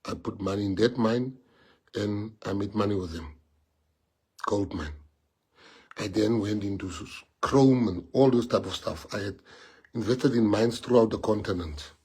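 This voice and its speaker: A man's voice: fairly low pitch, measured pace, pauses often, slightly rough. A man from South Africa, a native Afrikaans speaker, talking in an impassioned live stream monologue with many rhetorical questions. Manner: impassioned, rhetorical questions, swings from quiet to loud. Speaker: livestream speaker.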